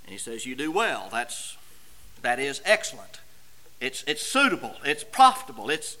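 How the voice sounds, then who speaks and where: A man preaching a sermon, moving between quiet verse explanation and loud, emphatic repetition. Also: medium pitch, sing-song, moderate pace.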